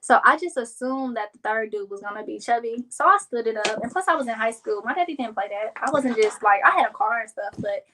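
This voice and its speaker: A young woman from Kansas City chatting casually to her viewers, telling a story and acting out her friends' lines in a higher voice. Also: animated, a little fast, hardly any pauses, noisy background. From Kansas City, Missouri. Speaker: vlogger. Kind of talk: casual storytelling while crafting.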